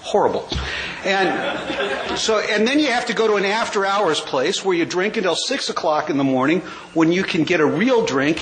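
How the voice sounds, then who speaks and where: A man's voice: fairly high pitch, a bit bright, rough recording. A man in his sixties from California, giving a wry, joke-filled recovery talk as a speaker at a large gathering. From California, USA. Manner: wry storyteller, quick jokes. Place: convention hall.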